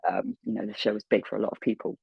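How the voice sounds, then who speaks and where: A man, a guest voice actor, telling a lively personal anecdote on an interview stream, swearing freely and acting out the dialogue. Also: lowish voice, rapid-fire, creaky, breathy edge, no echo, lo-fi sound. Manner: animated, swears freely, acts out quoted dialogue. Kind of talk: storytelling anecdote.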